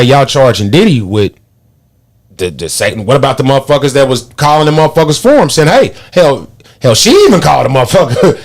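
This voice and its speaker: Animated high-voiced man telling stories. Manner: animated storytelling, profane, laughs often. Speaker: podcast host. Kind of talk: casual chat.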